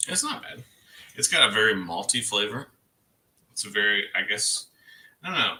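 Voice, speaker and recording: A man's voice: on the low side, big pitch swings, moderate pace, sharp tone. A man co-hosting a casual livestream, chatting in a rambling way and laughing easily. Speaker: livestream co-host. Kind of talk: casual chat.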